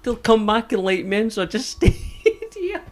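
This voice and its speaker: A man putting on a high falsetto voice as a fussy older mother calling for her son. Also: very animated, normal speed. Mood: sheepish.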